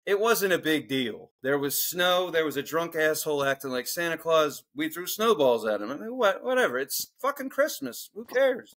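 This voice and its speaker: A middle-aged man from Philadelphia rants through a profane story in casual podcast chat. His voice sits high and swings widely in pitch as he talks. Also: animated, normal speed, few pauses, a bit bright. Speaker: podcast co-host.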